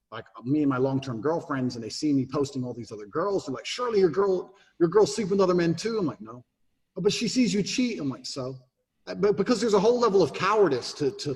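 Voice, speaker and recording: Blunt, profane man in a roomy space. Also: on the high side. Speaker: interview guest giving advice to men. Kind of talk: podcast interview talk. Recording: roomy echo.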